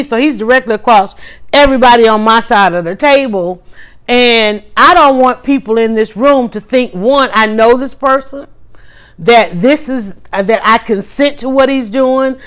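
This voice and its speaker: Woman, fairly high voice, casual livestream storytelling, animated, emphatic asides. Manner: animated, talks fast with restarts and emphatic asides. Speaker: livestream host.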